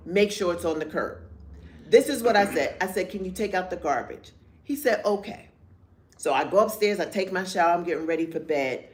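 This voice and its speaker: A woman in her fifties, co-hosting a candid chat show, tells a story in a voice on the low side. She acts out quotes vividly and uses blunt, profane language.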